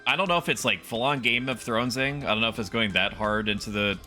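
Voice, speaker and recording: Bright-voiced excitable male game streamer. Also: mid-range voice, quick pace, faint music behind. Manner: excitable, chatty, bursts into loud disbelieving yelps. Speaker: streamer playing a horror shooter. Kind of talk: casual game stream commentary.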